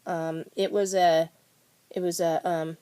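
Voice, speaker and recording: A woman's voice: lowish voice, level tone, slow pace, mellow, clean tone, dry recording. A middle-aged woman vlogger telling a family story in a rambling, casual way, with many fillers and restarts.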